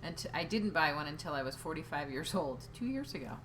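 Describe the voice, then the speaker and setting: A woman co-hosting a livestream, chiming in quietly off-mic and reading viewer comments. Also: sits low, animated, brisk. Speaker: co-host, the host's wife. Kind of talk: casual livestream chat. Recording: off-mic, distant and faint.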